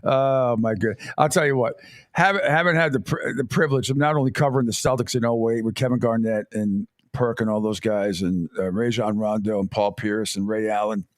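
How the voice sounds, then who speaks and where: A middle-aged man hosting sports talk radio, telling stories in a rambling, animated way and laughing often. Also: on the low side, brisk, dry recording, clean studio sound.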